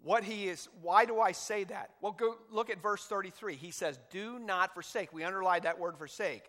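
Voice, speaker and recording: A man's voice: high voice, moderate pace, pushed and bright, long reverb tail. A male pastor preaching a sermon, emphatic, reading scripture aloud between points, with an occasional cough. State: coughing now and then.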